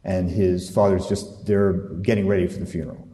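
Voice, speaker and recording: A man's voice: low-pitched, flat delivery, dark tone, far from the mic, slight background noise. Thoughtful man in an echoey hall. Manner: thoughtful, hesitant with pauses. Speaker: author being interviewed. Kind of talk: reading aloud and interview talk.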